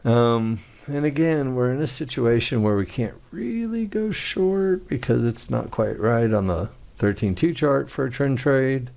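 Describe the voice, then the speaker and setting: A man's voice: mid-range voice, lively intonation, a little slow, vocal fry, few pauses, darkish tone. A man walking through a day-trading chart in a casual, conversational way, talking through each trade as he goes. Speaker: trading instructor. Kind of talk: screen-share trading walkthrough.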